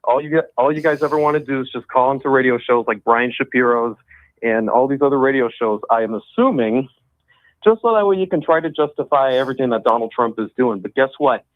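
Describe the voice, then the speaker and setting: A man's voice: medium pitch, animated, brisk, dry recording. Angry male caller on a dull phone line. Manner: angry ranting, insulting. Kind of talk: call-in rant.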